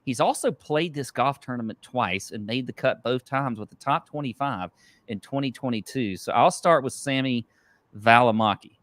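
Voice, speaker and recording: A man co-hosting a golf betting show, rambling loosely from one thought to the next. His voice is bright and forward, and the recording is close and dry. He keeps things casual and conversational. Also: medium pitch, normal speed, dry recording. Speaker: podcast co-host.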